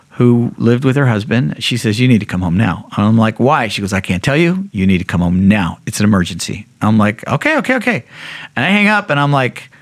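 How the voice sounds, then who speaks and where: A man recounts a hard chapter of his life in a candid, blunt way, swearing freely and restarting his sentences. When he quotes other people, his voice leaps sharply up or down. The sound is close and dry, with no room around it. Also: dry recording. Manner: blunt and profane, with frequent restarts; acts out quoted voices with big jumps in pitch. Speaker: podcast guest. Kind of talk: candid personal storytelling.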